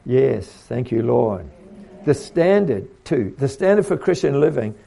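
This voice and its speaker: Gravelly male preacher, husky and mellow, chatty sermon delivery. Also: mid-range voice, unhurried. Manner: conversational and animated, with repeats and acted quotes.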